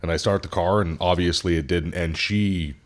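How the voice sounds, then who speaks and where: A young man, a podcast co-host, casually telling a story about a customer at his car shop. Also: normal speed. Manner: animated, acts out customer in high voice.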